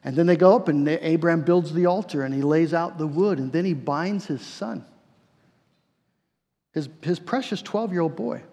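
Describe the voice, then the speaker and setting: A man preacher delivering a sermon, emphatic, repeating words and slowing down for key phrases. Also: fairly high pitch, warm tone. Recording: long hall reverb.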